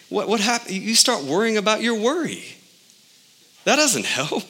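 A man in his thirties preaching a sermon as pastor, animated, with his pitch jumping up for emphasis. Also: a little slow, long pauses, slightly rough.

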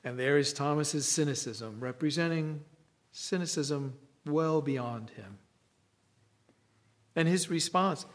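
A man preaching a sermon in a reflective way, with long dramatic pauses. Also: fairly high pitch.

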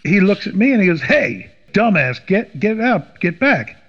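Here the podcast guest, a middle-aged Washingtonian, sounds high-pitched at a normal speed. He tells a casual, animated story, voicing its characters, over muffled lo-fi audio with lengthy reverb.

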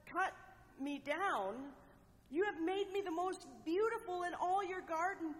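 A woman's voice: high voice, slow pace, a bit bright, big-room sound. A woman voicing a humble pleading bamboo. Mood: pleading devotion. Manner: pleading, trembling, then resolved. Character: humble devoted bamboo plant, male, gentle and eager.

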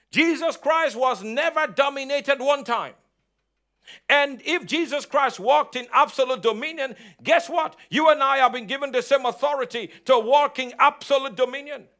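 High-voiced preaching man, emphatic. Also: fairly bright tone. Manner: emphatic, repetitive preaching with call-and-response. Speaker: pastor. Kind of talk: sermon. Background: congregation answering amen.

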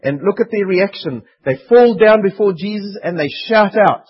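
A man's voice: high voice, expressive, normal speed, hardly any pauses, breathy edge, lo-fi sound. A man preaching a sermon in an earnest, emphatic way. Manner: earnest, emphatic, voicing pleading demons.

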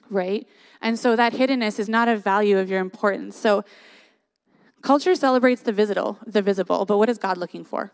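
A young woman giving a sermon in an earnest, conversational way, often adding "like" and "right?". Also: medium pitch. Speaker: worship leader giving a church talk.

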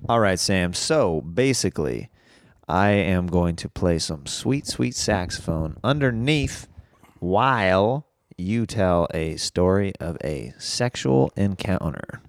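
A man's voice: low-pitched, animated, slow, no room sound, studio quality. A man hosting a podcast, chatting in an upbeat, friendly bro-ish way with his guest. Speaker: podcast host. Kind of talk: casual podcast chat.

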